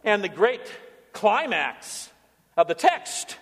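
A man, a pastor, preaching a lively sermon with told stories and acted-out quotes. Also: sits high, slow pace, gravelly, breathy edge, in a large hall. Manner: animated storytelling preacher, acting out quotes.

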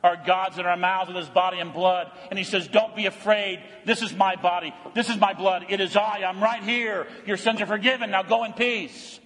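Pastor guy preaching, voice sits high, drops way soft then punches back up loud, church reverb. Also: fairly even intonation, moderate pace, few pauses. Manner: swings from loud, emphatic declarations to soft, hushed tenderness; repeats phrases for emphasis. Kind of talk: sermon.

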